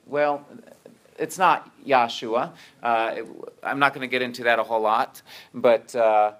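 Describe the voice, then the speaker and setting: A man's voice: mid-range voice, steady tone, a little slow, a bit bright. A man preaching a sermon to his congregation, often restarting his words and checking in with "right?".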